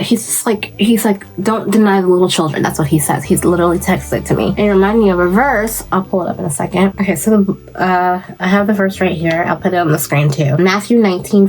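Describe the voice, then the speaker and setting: A woman's voice: on the low side, a little mellow, breathy edge. A woman in her thirties chatting casually while doing her makeup, telling a story and jumping into quoted voices as she goes. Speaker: beauty vlogger. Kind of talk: casual get-ready-with-me chat.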